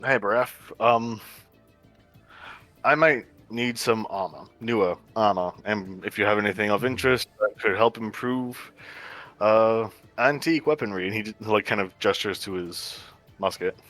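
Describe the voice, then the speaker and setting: Male player, casual, hesitant, low pitch, bright forceful tone. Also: a little slow, soft background music. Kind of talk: tabletop game play.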